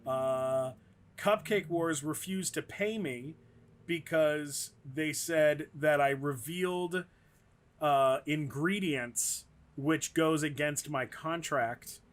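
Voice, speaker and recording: Rambling, animated man telling stories. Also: on the high side, slow. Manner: rambling, animated, acts out quotes in raised voices. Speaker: guest comedian. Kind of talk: casual storytelling chat.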